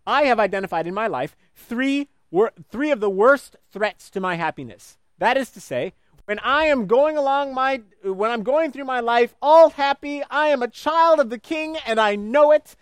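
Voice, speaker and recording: A male preacher with a high, lively voice that leaps between soaring peaks and low, quiet drops. He preaches in an animated way, acting out voices in the stories he tells. The sound is dry and close, with no room echo. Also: normal speed, smooth. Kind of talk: sermon.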